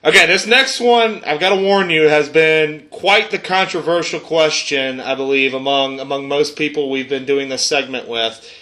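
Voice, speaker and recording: A man's voice: on the high side, moderate pace, few pauses, bright, forceful tone. A man hosting a college sports interview segment, asking questions in an upbeat, playful way with scripted lead-ins.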